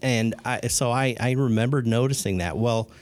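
A man chatting casually about a favorite author, halting and restarting as he searches for words. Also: medium pitch, a little mellow. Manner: hesitant, many fillers and restarts, enthusiastic about books. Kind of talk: casual conversation.

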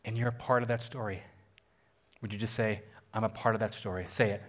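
A man's voice: on the low side, steady tone, a little fast. A man, a pastor, preaching a sermon with emphatic call-and-response and repeated phrases.

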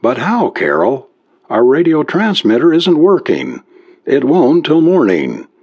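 A man voicing a tense young man on a boat who is trying hard to sound calm and steady. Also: a little high, unhurried, breathy edge, voice pushed up, full character voice. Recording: muffled lo-fi recording.

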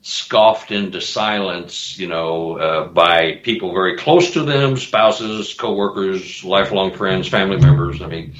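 A man's voice: deep voice, a little slow, few pauses. A man tells his stories with lots of energy, tripping over his words and restarting. He sounds like he's in a roomy space, and the audio is somewhat dull. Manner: animated storyteller, acts out voices, laughs, repeats words. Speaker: guest author and Bigfoot investigator. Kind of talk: casual chat.

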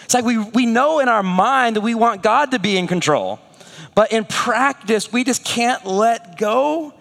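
A man preaching a sermon as pastor, animated and storytelling, with rhetorical questions. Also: extremely high pitch, a little slow, creaky, in a large hall.

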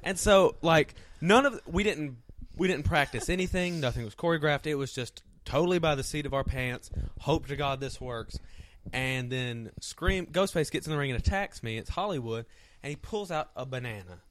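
A man who wrestles, a podcast guest, telling stories in animated casual chat and laughing as he goes. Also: a little high, moderate pace, slight background noise.

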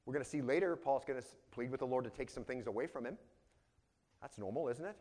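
A man's voice: medium pitch, lively intonation, quick pace, a little mellow. A man pastor preaching an expository sermon in a conversational way, often tossing rhetorical questions back to his listeners.

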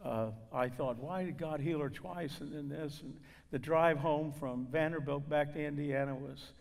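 A guest preacher with a slightly higher-than-usual male voice gives a sermon testimony at normal speed, with fairly even intonation and a creaky quality. He tells his story with feeling and takes on the voices of people he quotes, his words ringing with the long reverb of a big hall.

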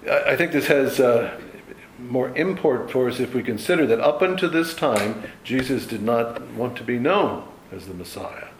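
A man's voice: mid-range voice, expressive, normal speed, echoey room, slight background noise, low-quality recording. A man giving an informal Bible study in a loose, conversational way, dropping frequent asides to his listeners. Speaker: Bible teacher.

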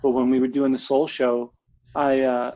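A man's voice: mid-range voice, flat delivery, normal speed, warm tone. A man in casual chat, telling rambling stories with many restarts and giggles. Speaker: bandleader and podcast co-host. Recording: dull lo-fi sound.

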